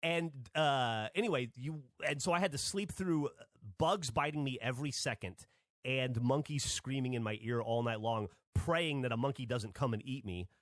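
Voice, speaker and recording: A man's voice: medium pitch, normal speed, a bit bright, no room sound, clean studio sound. A man from Alabama, a podcast host, telling a rambling story in casual chat and swearing freely.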